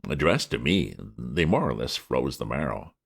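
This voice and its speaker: Male audiobook reader; very deep, gravelly voice, lively wry delivery. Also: moderate pace. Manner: lively, wry comic storytelling. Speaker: reader of classic fiction. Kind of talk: audiobook narration.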